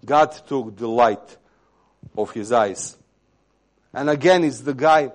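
Impassioned preacher man. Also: mid-range voice. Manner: impassioned, swells louder on key phrases then drops to near-whisper. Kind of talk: sermon.

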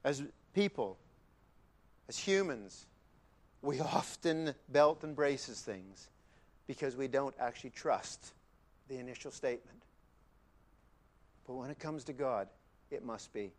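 A man preaching a sermon, emphatic, dropping to quiet repetitions and then rising loud, with chatty asides to the congregation. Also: mid-range voice, moderate pace, long pauses. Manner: conversational asides.

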